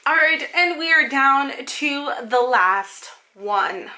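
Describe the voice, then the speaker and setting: A young book reviewer speaks straight to her audience in a relaxed vlog, effusive and emotional about her favorite reads, using many fillers and occasionally speeding up abruptly. She has a high, animated, sharp-toned voice and a generally slow pace.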